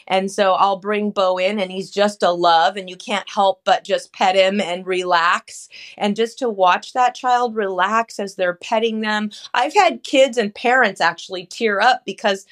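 A woman's voice: mid-range voice, measured pace. A woman speaking as a child life specialist, upbeat and explaining with examples in an interview. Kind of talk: interview answers.

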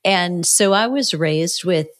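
Low-voiced woman in her fifties. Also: slow pace. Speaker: fitness educator guest. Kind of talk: interview conversation.

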